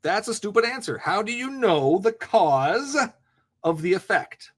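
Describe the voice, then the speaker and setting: A man's voice: high voice, sing-song, measured pace. A man hosting a live call-in debate podcast, blunt, mocking and profane, laughing often. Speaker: host.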